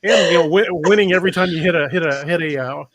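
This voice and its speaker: A man's voice: on the high side, quick pace, noisy background. A man co-hosting a podcast who chats casually and makes joking asides. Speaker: podcast co-host.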